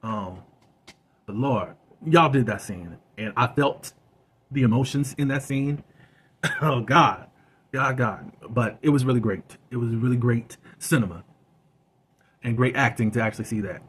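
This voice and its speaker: A man's voice: medium pitch, a little slow, long pauses, fairly bright tone, a little hiss or hum. A man hosting a web series review channel, chatting casually about an episode with plenty of fillers. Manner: chatty and conversational, with many fillers.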